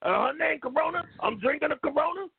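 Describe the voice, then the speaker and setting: A man voicing a brash, loud, hot-tempered older man who curses, shouts and rambles with stammering restarts, as a comedic call-in character. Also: very high-pitched, lively intonation, fast, no room sound, heavily acted. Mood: blustering. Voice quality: gravelly. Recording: tinny phone-like line.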